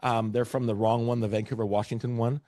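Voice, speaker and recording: A Canadian man presents a webinar over a video call with energy and emphasis, doubling up words as he drives his points home. His voice sits in an average pitch, and the sound is dry and close. It has the feel of a coach talking straight to his audience. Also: level tone, quick pace, mellow, no echo.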